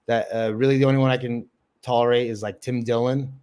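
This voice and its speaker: Hosting a loose livestream chat, this open mic comic rambles, curses freely, and leans heavily on fillers. He speaks quickly in a level, medium-pitched voice that sounds mellow, clear, and resonant.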